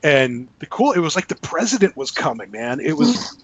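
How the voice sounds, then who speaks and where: A man, a guest author, telling an animated anecdote in casual podcast chat, acting out the people in his story. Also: fairly high pitch, moderate pace, husky. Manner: animated storyteller, acts out quotes. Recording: muffled lo-fi podcast audio.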